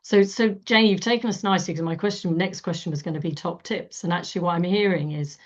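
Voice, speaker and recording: Woman, host, lowish voice, reflective, searches for words, dull lo-fi call audio. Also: quick pace. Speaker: interviewer. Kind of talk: hosting a webinar conversation.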